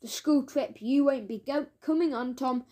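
A woman voicing an excitable tattletale schoolboy who shouts and whines. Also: high-pitched, normal speed. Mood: smug. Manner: shouty and whiny.

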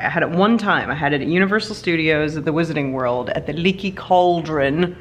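A woman's voice: low voice, brisk, hardly any pauses, slight background noise. A woman from the United States chatting casually at home in a playful, giggly vlog, sometimes slipping into a silly voice. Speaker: vlogger.

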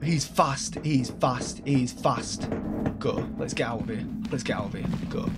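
A man streaming a game live, chatting along and breaking into excited shouts. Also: mid-range voice, a little slow, over music. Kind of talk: live gameplay commentary. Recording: steady background noise.

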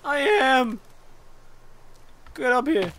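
A young man doing co-op game commentary, whiny and playfully frightened, often shouting. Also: very high-pitched, big pitch swings, extremely slow, a crowd in the background. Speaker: gamer.

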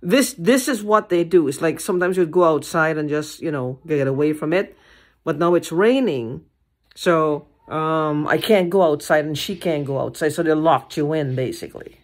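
A woman's voice: low-pitched, darkish tone. A woman talking to the camera in an agitated, frustrated way, swearing, restarting sentences and repeating herself. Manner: halting restarts and repeated phrases. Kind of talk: casual vlog monologue.

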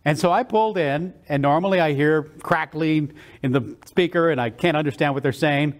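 A man's voice: on the high side, moderate pace. A middle-aged man giving a motivational keynote speech, telling stories with dynamic enthusiasm and playful quoted voices.

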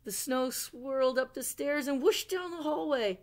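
A woman librarian reading a picture book aloud at storytime, gentle and expressive, asking her listeners questions along the way. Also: on the high side, unhurried, hardly any pauses.

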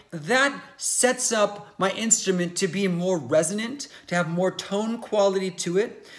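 A man's voice: sits high, a bit bright. A man giving a singing lesson, explaining technique step by step and checking in with the viewer often. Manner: demonstrates by singing show tunes. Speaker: voice teacher.

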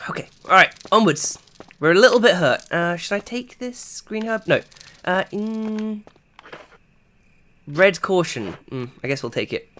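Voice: mid-range voice, animated, normal speed, slight background noise. A game streamer giving live gameplay commentary, chatting to viewers and yelping when startled. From England. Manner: chatty, talks to the chat, yelps and shouts when startled.

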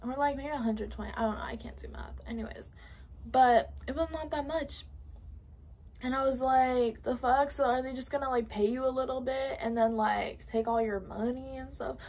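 Teen girl vlogger, kinda high voice, swears a lot, says like constantly, drops to whispers sometimes. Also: fairly even intonation, moderate pace, a little mellow. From California. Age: late teens. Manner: casual, profane, lots of "like" fillers. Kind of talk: storytime vlog.

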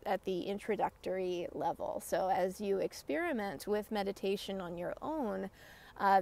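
An American woman leads a meditation lesson in a calm, explanatory way, often pausing on "right?". Her voice carries a gravelly, creaky edge at a middle pitch. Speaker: meditation instructor. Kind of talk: teaching a meditation session.

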